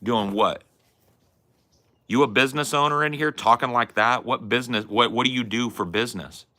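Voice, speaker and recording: Combative, mocking man with a bright edge. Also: medium pitch, normal speed. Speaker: stream host arguing with chat. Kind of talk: heated stream rant.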